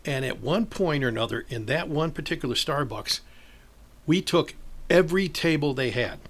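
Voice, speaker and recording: Speaking at a moderate pace in a slightly high voice, this older man from northern Illinois, USA, organizes a chess club and shares stories in a relaxed interview. He's an animated storyteller who imitates the people he quotes and laughs a lot.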